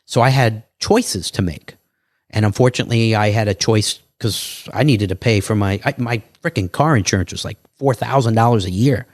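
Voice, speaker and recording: A man telling stories as a podcast guest in an animated, casual way, acting out other people's lines. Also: on the low side, moderate pace, dry recording. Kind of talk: casual interview storytelling.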